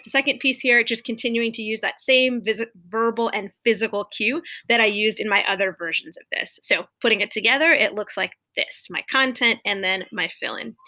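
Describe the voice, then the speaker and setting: Woman instructional coach, young adult, bright and fairly high, clear modeling of classroom cues. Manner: clear, exaggerated call-and-response cues to imagined students. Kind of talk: instructional demonstration.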